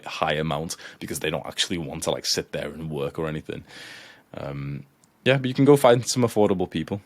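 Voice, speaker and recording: A man's voice: deep voice, dry recording. A man coaching a class, talking casually with lots of fillers and getting heated and swearing as he pushes his point. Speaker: coach lecturing students. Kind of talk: live lecture.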